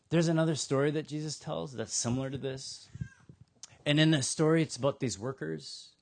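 A man preaching a sermon, retelling a parable with lively, acted-out voices. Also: fairly high pitch, normal speed, gravelly. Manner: animated storytelling, acting out characters.

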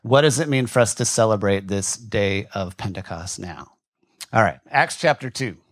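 A man's voice: lowish voice, lively intonation, moderate pace, no echo. A male pastor giving a conversational sermon in a church, joking with the congregation now and then, his voice wearing thin. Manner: conversational, asides and jokes to the congregation. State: losing his voice. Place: church hall.

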